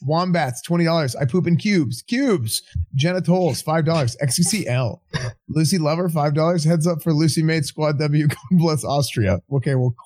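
Chill guy reading donation msgs on a charity stream, voice kinda high. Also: normal speed, a little mellow. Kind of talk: casual livestream chat.

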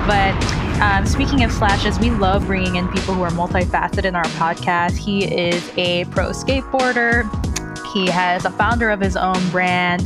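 A woman's voice: medium pitch, steady tone, normal speed, over loud music. A woman co-hosting a podcast in a casual, bubbly way and laughing often. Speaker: podcast co-host.

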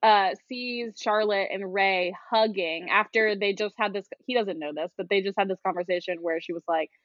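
A woman's voice: medium pitch, normal speed, fairly bright tone, dry recording, dull audio. A woman co-hosting a podcast, recapping a movie in casual chat with dry, sarcastic asides. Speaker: podcast co-host.

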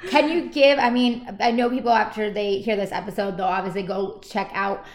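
A woman's voice: medium pitch, fairly even intonation, brisk. Gushing New York woman host, echoey room. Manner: gushing, filler-heavy, lots of likes and laughs. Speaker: podcast host. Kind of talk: casual interview chat.

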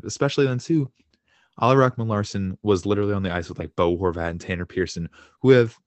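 A man's voice: low voice, dry recording. A young man co-hosting a sports podcast, chatting casually and getting worked up, swearing and laughing as he tells stories. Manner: excitable, swears, laughs while telling stories. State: home with a fractured shin. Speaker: podcast co-host.

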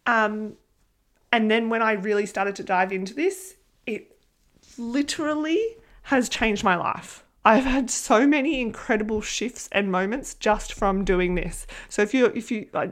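An Australian woman hosting her own podcast, talking in a chatty, earnest way, animated and swearing freely. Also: mid-range voice. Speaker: podcast host and manifestation coach. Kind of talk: casual solo podcast talk.

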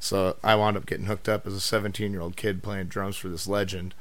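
A man telling a story in casual chat, lively and swearing, acting out what others said. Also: low-pitched, brisk. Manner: animated, swearing storyteller who acts out other people's lines.

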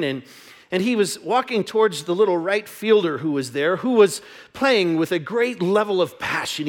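A man pastor giving a sermon, moving between loud, emphatic declarations and soft, hushed reading. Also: high voice.

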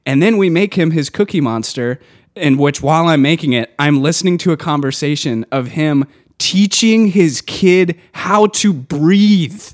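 A man venting loudly in casual podcast chat, worked up and mimicking customers as he rants. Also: fairly high pitch, measured pace. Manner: ranting, animated, mimics customers. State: worked up and loud. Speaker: podcast co-host.

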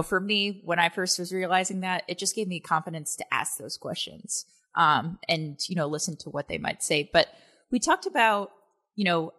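A woman's voice: sits low, a bit bright. A woman hosting an interview, chatty and casual, asking questions with many fillers. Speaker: interview host.

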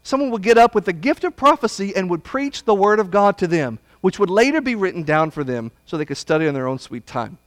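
A man preaching a Bible study sermon, blunt and folksy, swinging from loud emphasis to hushed asides. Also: high voice, sing-song, a little fast, hardly any pauses, dry recording.

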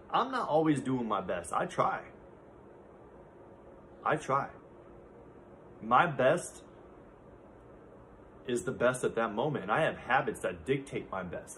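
A man's voice: mid-range voice, a little hiss or hum. A man in his thirties hosting a solo podcast, speaking in an earnest, heartfelt way from his own experience. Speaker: podcast host. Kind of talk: reflective solo talk.

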